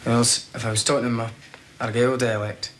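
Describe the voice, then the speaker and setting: A young Scottish man from the Highlands, a soldier speaking in a Glasgow accent in a casual, chatty interview. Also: level tone, brisk, a bit bright, a little hiss or hum.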